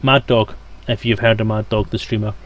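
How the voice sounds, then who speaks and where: A man's voice: lowish voice, level tone, brisk, muffled recording. A British man from Scotland, streaming a game and chatting casually with his viewers as he plays. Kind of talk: casual live-stream gaming commentary.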